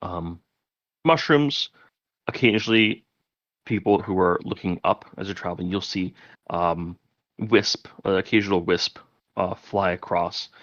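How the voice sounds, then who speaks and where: A man's voice: deep voice, measured pace, fairly bright tone, dry recording. A man narrating as game master in a loose, rambling way with many fillers. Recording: dry, dull lo-fi audio.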